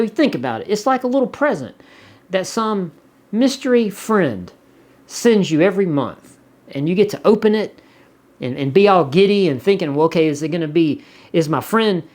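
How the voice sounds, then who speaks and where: A man with a Southern US accent chatting casually as a vlogger, rambling and repeating words as he reads viewer comments. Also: high-pitched. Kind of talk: casual chat.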